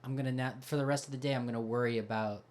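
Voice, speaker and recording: A man hosting a casual chat, answering softly and hesitantly. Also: mid-range voice, steady tone, racing. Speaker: host.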